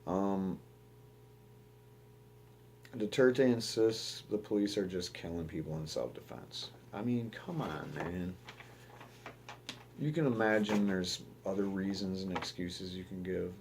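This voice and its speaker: A man's voice: sits low, unhurried, pauses often, darkish tone, a little hiss or hum. A young man from the United States giving rambling, profane news commentary as the host of his own show, often restarting his sentences.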